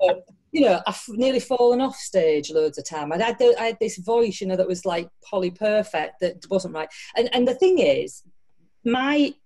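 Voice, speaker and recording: A middle-aged woman with a Yorkshire accent, a guest in a casual interview, talking frankly, swearing freely and telling animated stories. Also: medium pitch. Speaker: guest entrepreneur.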